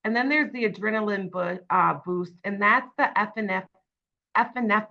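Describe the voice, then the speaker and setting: A woman in her thirties leading a workshop in a conversational tone, often asking "right?" and pausing on fillers. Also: mid-range voice, highs cut off. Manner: conversational, tag questions, many fillers. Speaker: workshop facilitator. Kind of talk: online workshop talk.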